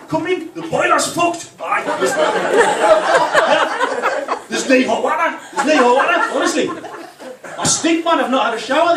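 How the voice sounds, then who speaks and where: A man putting on a loud, matey Geordie voice to play a rough working bloke, recorded from far off in an echoey, noisy room. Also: very high-pitched, pitched above the performer's own voice.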